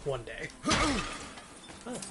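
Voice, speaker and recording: Male streamer; casual, wry gameplay talk, animated, slightly high voice. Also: extremely slow, creaky, heavy background noise. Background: game music.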